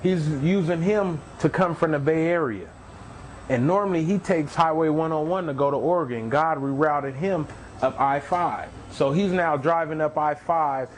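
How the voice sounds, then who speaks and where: A man's voice: a little high, normal speed, slight background noise, low-quality recording. A man earnestly telling his personal testimony, repeating phrases and acting out the voices of the people in his story. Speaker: testimony speaker.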